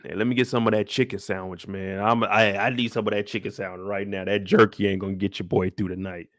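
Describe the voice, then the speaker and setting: A man's voice: fairly low pitch, little pitch movement, fast talker, no room sound, clean studio sound. A young adult man recapping a TV episode in casual, profane commentary. He acts out the scenes with voices and sound effects, and sounds tired, sighing between lines. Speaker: YouTube show recap host.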